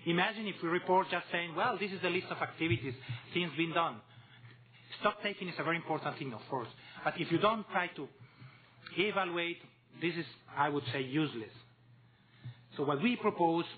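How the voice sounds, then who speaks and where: A man with a Spanish accent giving a conference presentation, hesitant and repeating words, with joking asides. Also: fairly high pitch. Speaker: conference speaker. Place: meeting room. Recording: tinny phone-like audio with faint hum.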